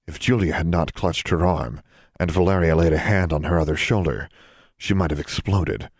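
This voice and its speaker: A man narrating a story in a steady, measured read. His voice is very low and deep. The recording is close and dry, with no room sound. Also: breathy edge, no echo. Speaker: audiobook narrator. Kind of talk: scripted narration.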